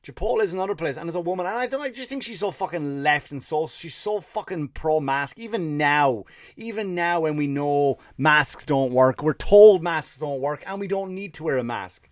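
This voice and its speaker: A man's voice: on the high side, animated, moderate pace, dry recording. Man, Irish accent, comedian host, profane rambling storytelling, dry recording. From Ireland. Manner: profane, ranting, fired-up. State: tired after running 50 miles (story).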